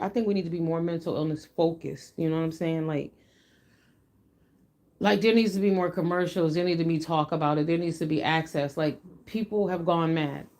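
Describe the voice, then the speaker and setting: A woman's voice: lowish voice, gravelly. A middle-aged woman from the United States, hosting a casual livestream and talking bluntly and animatedly, with free swearing. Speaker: livestream host.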